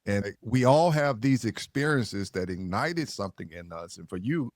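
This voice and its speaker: A man's voice: lowish voice, expressive, moderate pace, no room sound, clean studio sound. A man hosting an interview podcast, reflecting on the guest's stories and affirming them, with occasional laughs. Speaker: podcast host. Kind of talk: interview talk.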